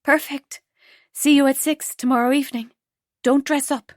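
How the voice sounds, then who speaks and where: A woman narrator voicing an eager young woman in love who speaks in a bright, raised and breathless way. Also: sits high, fairly even intonation, moderate pace, dry recording, clean studio sound, voice pushed up, natural voice. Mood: chatty.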